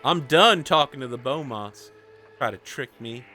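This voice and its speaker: A woman's voice: extremely low pitch, animated, unhurried, sharp tone, soft background music, heavily acted. A man voicing a fierce, hot-tempered young gunslinger woman in a tabletop game, snapping and threatening. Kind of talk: tabletop game role-play.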